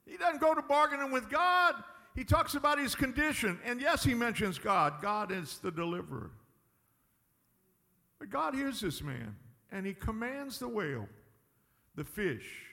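A man's voice: very high-pitched, very animated, measured pace, gravelly, pushed and bright, long reverb tail. A man preaching a sermon in a folksy, emphatic way, often chuckling at his own points. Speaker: pastor.

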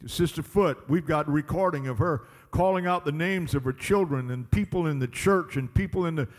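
A man's voice: fairly high pitch, fairly quick, big-room sound. A man preaching a sermon as pastor, emphatic and drawing out his words. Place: church sanctuary.

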